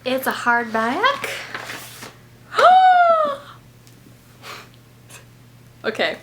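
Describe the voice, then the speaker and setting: Brief: young woman, book vlogger, high and very lively voice, gushing and giggly, faint hiss at home. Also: normal speed. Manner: gushing, breathless and giggly, stumbling over names. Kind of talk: excited unboxing vlog. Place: home, indoors.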